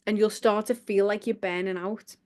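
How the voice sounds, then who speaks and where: A woman's voice: medium pitch, steady tone, normal speed, a little mellow. A woman, a coach giving a live online workshop in a chatty, giggly, self-deprecating way with casual swearing. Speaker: business coach.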